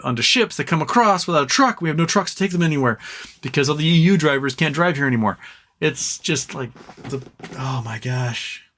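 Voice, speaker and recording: A man's voice: medium pitch, a bit bright. A man hosting a livestream, chatting casually and rambling, acting out other people's lines with exasperation. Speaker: livestream host.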